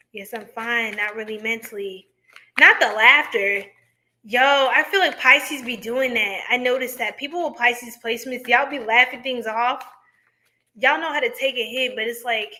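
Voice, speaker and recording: A woman's voice: a little high, bright, forceful tone. A young woman, hosting a tarot reading livestream and chatting casually with viewers, laughing often and making playful puns. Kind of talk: casual live-stream chat reading viewer comments.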